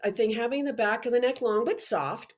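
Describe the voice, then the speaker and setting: A woman teaching singing technique in a live online workshop, chatty and animated with frequent restarts. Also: fairly high pitch, a little fast.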